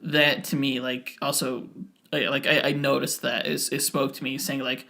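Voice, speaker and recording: Gravelly man in quick casual podcast banter. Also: medium pitch, flat delivery, bright, forceful tone. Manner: short agreeing replies, quick jokey asides. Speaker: podcast co-host. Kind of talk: casual review chat.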